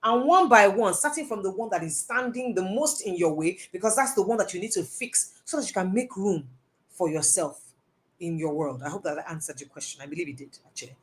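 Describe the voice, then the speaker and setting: A personal development speaker gives a live talk in a lowish, fairly quick voice. She answers audience questions earnestly and emphatically, repeating phrases for stress.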